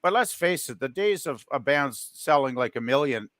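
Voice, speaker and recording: A man co-hosts a podcast and talks his ideas through in long, loose sentences full of fillers. His tone is bright and forward. The recording is dry and close. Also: mid-range voice, animated, moderate pace, dry recording. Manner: rambling, with "you know" and "like" fillers. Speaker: podcast co-host. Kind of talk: casual chat.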